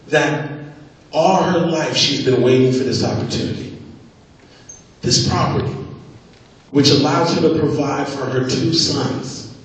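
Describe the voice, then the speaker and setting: Emphatic male motivational speaker in a hall. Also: on the high side. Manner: emphatic storyteller, repeats phrases for effect. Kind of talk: live motivational speech, storytelling. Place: stage in a large event hall. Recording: echoey hall from far off.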